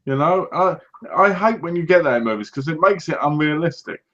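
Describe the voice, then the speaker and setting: A man's voice: on the high side, animated, fairly quick, fairly bright tone, dull audio, slight background noise. Rambling, laughing male co-host. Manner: rambling, laughs often, restarts sentences. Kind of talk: casual livestream chat.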